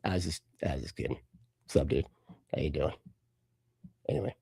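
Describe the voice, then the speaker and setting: Sarcastic, lively man streaming live. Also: extremely low pitch, a little fast, creaky, breathy edge, no room sound. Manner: sarcastic and profane, talks back at clips. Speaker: host of a live reaction stream. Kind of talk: casual live-stream commentary.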